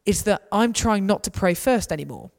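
Woman, conversational talk, animated storytelling, echoing hall. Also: medium pitch, moderate pace, gravelly. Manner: conversational, lively and anecdotal. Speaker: speaker. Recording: reverberant hall.

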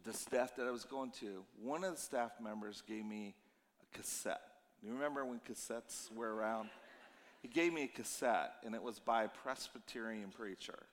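A man's voice: fairly low pitch, moderate pace. A man in his fifties, a pastor preaching a sermon, telling stories in a conversational way and sounding tired. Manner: conversational storytelling, animated and emotional in places. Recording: long reverb of a church hall.

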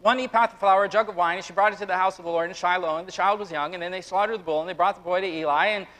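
High, bright-voiced man preaching a sermon. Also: rapid-fire, low-quality recording. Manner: animated and conversational, acting out quotes, turning quiet and tender when personal. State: close to tears. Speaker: pastor.

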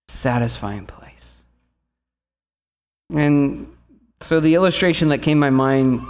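A man's voice: mid-range voice, darkish tone. A man in his thirties, a pastor preaching an earnest sermon and telling a family story, rising at times to fervent appeals.

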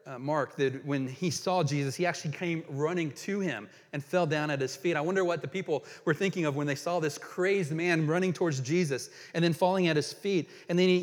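A man preaches in a slightly high voice that rings through a church hall with a long reverb. He reads scripture passages aloud and then reflects on them as a pastor. He slows down for emphasis on key questions. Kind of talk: sermon.

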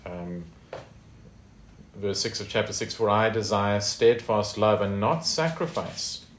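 A man's voice: lowish voice, unhurried, echoey room, slight background noise. A man teaching a Bible study in a conversational way, with fillers and tag questions.

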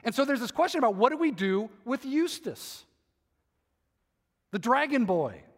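A man preaching, retelling a story and reading it aloud with animated, repeated phrases. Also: very high voice, normal speed. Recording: hall reverb.

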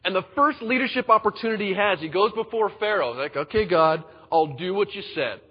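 In a reverberant hall with dull audio, a pastor preaches conversationally and acts out the people he quotes. His voice sits high, with a breathy edge, and is expressive and a little fast.

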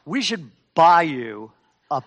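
High-voiced preacher telling a story. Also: male voice, very animated, takes it slowly, fairly bright tone, muffled recording. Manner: storytelling with acted quotes, rising to fervent emphasis. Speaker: pastor. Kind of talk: sermon.

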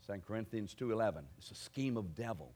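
A man preaching a sermon, asking his congregation direct questions and building to forceful declarations. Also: on the low side, expressive, quick pace. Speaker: pastor.

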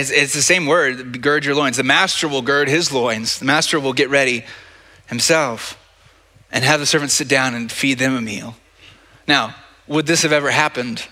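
A man's voice: mid-range voice, sharp tone. A man preaching a sermon as pastor at a church service, talking conversationally, repeating words and asking "right?" often. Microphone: handheld or stage mic.

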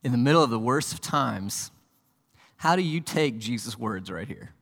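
A man's voice: mid-range voice, animated, moderate pace, creaky. Preaching man, dramatic delivery, church reverb. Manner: dramatic, swings from hushed to loud and urgent. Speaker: pastor. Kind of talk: sermon. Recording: long hall reverb.

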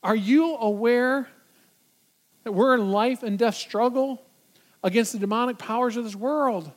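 A man's voice: very high-pitched, unhurried. A male pastor preaching a sermon, emphatic, asking the congregation rhetorical questions.

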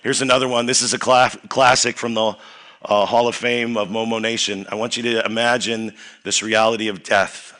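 A young man preaching at a youth rally, energetic and playful, leading the crowd in chants, his voice a little worn. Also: fairly low pitch, moderate pace. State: voice a bit worn. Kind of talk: sermon with crowd call-and-response.

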